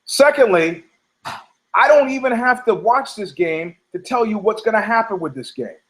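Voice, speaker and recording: A man from New York rants through a talk show monologue with a high, raised voice. He swears freely, doubles back on himself and keeps pressing his point with heated insistence. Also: expressive, normal speed, fairly bright tone, rough recording. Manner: profane, heated, rambling with restarts. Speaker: podcast host. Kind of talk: ranting monologue.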